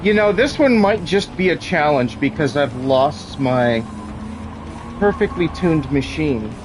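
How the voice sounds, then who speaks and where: A man's voice: a little high, lively intonation, a little slow, rough recording. A man commenting on his own racing game in a mock-formal, theatrical way, complaining with exaggerated drama. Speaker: gaming streamer. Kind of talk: casual gameplay commentary. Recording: game music loud behind.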